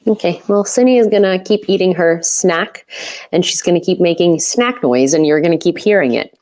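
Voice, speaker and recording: A young woman from Ukraine hosts a casual livestream in a fairly low voice. She rambles loosely, full of "like" and "um", and laughs often between thoughts. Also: normal speed, darkish tone. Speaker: host, independent reporter.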